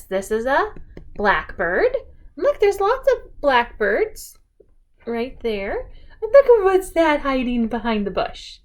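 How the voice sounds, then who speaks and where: A woman reads picture-book stories aloud to a small child, her voice high and swooping. She talks slowly and coaxingly, stopping often to ask the child questions. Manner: sing-song, animated, slow and coaxing, asks the child questions. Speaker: children's storyteller.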